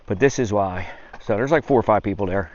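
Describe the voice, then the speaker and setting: A man's voice: lowish voice, a little fast, a little mellow. Winded man hiking and talking. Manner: chatty, swears casually, puffing between phrases. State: out of breath. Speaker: hiking vlogger. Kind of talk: casual vlog narration while hiking. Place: outdoors on a steep mountain trail. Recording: dull lo-fi camera audio with faint noise.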